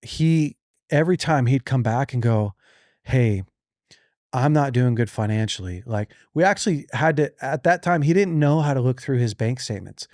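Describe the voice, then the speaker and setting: Animated man telling a family story on a podcast. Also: medium pitch, normal speed, no room sound, studio quality. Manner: animated, acts out quoted voices. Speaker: podcast host. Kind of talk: casual storytelling chat.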